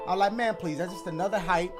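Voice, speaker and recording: A streamer giving casual, excitable gaming commentary and breaking into shouted reactions. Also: mid-range voice, fast. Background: game music.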